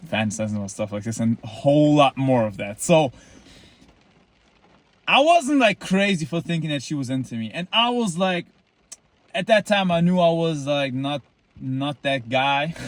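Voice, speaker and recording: A man's voice: medium pitch, expressive, normal speed. A man in his twenties telling a story to a camera outdoors in the cold, rambling and boastful, full of likes and restarts. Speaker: vlogger.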